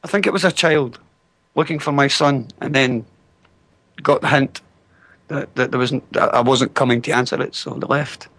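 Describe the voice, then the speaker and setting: A man's voice: mid-range voice, moderate pace, fairly bright tone, no room sound. A Scottish man on a casual podcast chat, telling long rambling anecdotes with restarts. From Scotland.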